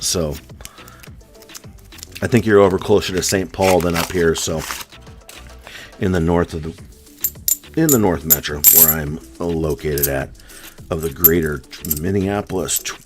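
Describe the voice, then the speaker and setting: A man's voice: low voice, measured pace, long pauses, a little mellow, faint music behind. A man from the US East Coast hosting a casual live stream, chatting and answering viewer comments one by one. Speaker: coin roll hunting live streamer.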